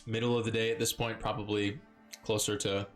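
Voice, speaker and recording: A man's voice: fairly low pitch, little pitch movement, brisk, faint music behind. A man narrating as dungeon master of a live-streamed tabletop game, playful and rambling, often breaking into laughter.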